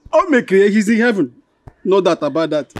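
An actor with a Nigerian accent playing a man consoling a grieving widow, speaking in a halting way and often repeating himself. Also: high-pitched, big pitch swings, no room sound, studio quality, heavily acted. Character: sympathetic male childhood friend consoling a widow.

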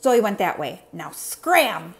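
A woman's voice: mid-range voice, sing-song, slow. A woman doing a grumbling grouchy monster. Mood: grumpy. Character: grumpy green trash-can monster, gruff. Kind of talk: storybook read-aloud.

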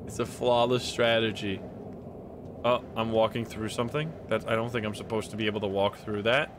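A man's voice: on the low side, steady tone, a little fast, noisy background. A man streaming himself playing a video game, narrating his moves with swearing, laughs and sudden outbursts. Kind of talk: casual gameplay commentary.

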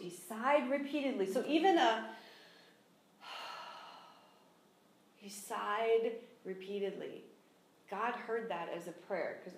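A woman preaching a teaching sermon, lively and animated, acting out scripture dialogue with bursts of laughter. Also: medium pitch. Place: church sanctuary. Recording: echoey room.

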